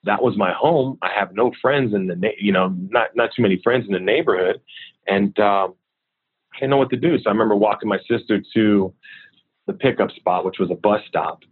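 A man's voice: fairly low pitch, a little fast, slightly rough. A man, a guest in an interview, candidly and steadily telling a personal story. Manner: candid, steady recounting of hard memories. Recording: tinny phone-like line.

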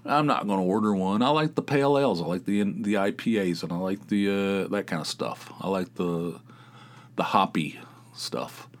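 Podcast host, male, lowish voice; loose, rambling, profane storytelling with lots of fillers. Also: normal speed. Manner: meandering storyteller, swears freely, frequent filler words. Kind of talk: casual rambling monologue.

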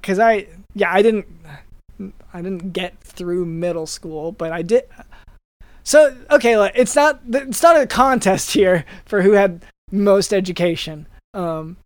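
A woman's voice: medium pitch, a little slow, no room sound, clean studio sound. A woman hosting a comedy podcast, often hesitating and restarting her sentences. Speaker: podcast host.

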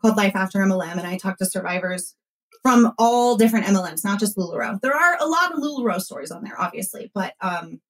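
A woman's voice: medium pitch, quick pace, low-quality recording. Chatty woman in her 30s, podcast host, tells stories and does everyone's lines, lots of "like" and "um". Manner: animated storytelling, acts out quotes, frequent fillers. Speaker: podcast host and former consultant. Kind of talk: casual conversational interview.

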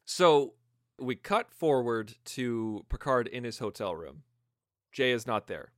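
A man co-hosting a podcast, chatting casually and brainstorming ideas out loud. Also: mid-range voice, sing-song, slow, no echo, studio quality. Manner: brainstorming, acts out scenes in quoted voices. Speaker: podcast co-host. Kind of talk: casual fan chat.

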